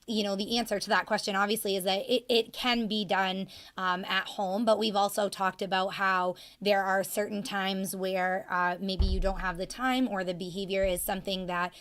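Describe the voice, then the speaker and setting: A woman hosts a podcast interview at a middle pitch. She frames long, measured questions, pausing often on ums and uhs. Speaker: podcast host.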